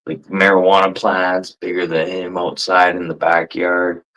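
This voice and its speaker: A man's voice: low-pitched, little pitch movement, a little slow, a bit bright, poor audio. A man telling rambling, profane stories in a casual monologue, laughing as he goes. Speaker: livestream chatter.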